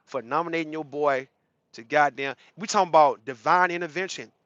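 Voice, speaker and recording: Streamer type: blunt, profane man, higher-pitched and punchy, dry close sound. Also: brisk, a bit bright, no room sound, lo-fi sound. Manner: blunt, slangy and profane, greets chatters mid-rant. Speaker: livestream host. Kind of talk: casual livestream talk to chat viewers.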